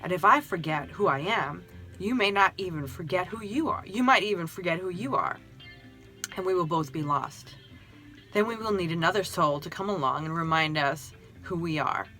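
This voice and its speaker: A woman voicing a kind, gentle friendly soul who speaks with calm, tender reassurance in a storybook reading. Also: lowish voice, moderate pace, faint music behind.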